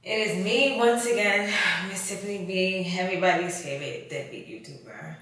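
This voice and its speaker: A woman YouTuber talking in a confessional vlog, emotional and halting, with sighs, fillers and a tight throat. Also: mid-range voice, fairly bright tone. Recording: very echoey room, voice far from mic.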